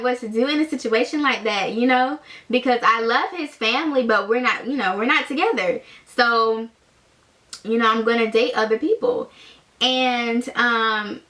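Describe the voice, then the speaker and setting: A young woman tells a storytime vlog in a chatty, animated way, leaning on fillers. Her voice sits a little high and sounds very bright. She has the easy, rambling pace of someone talking straight to her viewers. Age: young adult. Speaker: vlogger.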